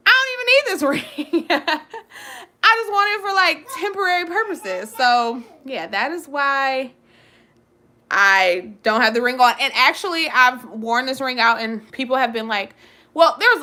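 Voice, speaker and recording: A young woman hosting a vlog, chatting casually and live with her viewers in an expressive, loud, giggly way. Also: high voice. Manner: giggly, laughs often. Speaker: vlog host.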